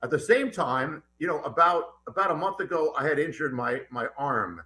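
Guest author, middle-aged man, bright slightly high voice, tells his story urgently and stumbles into restarts. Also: moderate pace. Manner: animated, urgent, with many restarts. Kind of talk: recounting a personal story in an interview.

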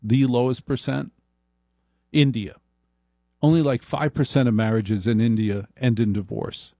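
A man holding forth in a slow, deliberate comic monologue with a wry edge. His voice has a gravelly fry and a dark, mellow tone, recorded dry and close. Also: mid-range voice, fairly even intonation, no room sound.

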